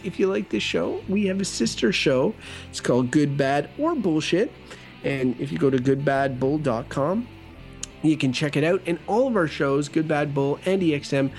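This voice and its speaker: A man's voice: medium pitch, creaky. A man from Canada co-hosting a gaming podcast, talking casually and rambling through plugs and asides. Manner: chatty, rambling, self-correcting. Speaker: podcast co-host. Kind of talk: casual chat.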